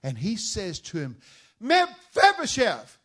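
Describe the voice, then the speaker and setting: A man's voice: medium pitch, unhurried, a little mellow. A male preacher telling a story in a sermon with dramatic delivery and rhetorical questions.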